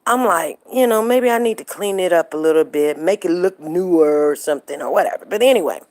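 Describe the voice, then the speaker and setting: A woman's voice: on the low side, animated, brisk, a little mellow. A middle-aged woman hosting a live show, chatting casually and telling stories straight to her viewers. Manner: chatty, storytelling, addresses viewers directly.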